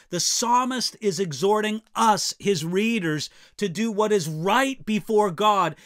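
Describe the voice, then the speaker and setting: A man's voice: high-pitched, fairly bright tone. A man preaching a sermon, earnest and emphatic, quoting and repeating scripture lines with occasional restarts.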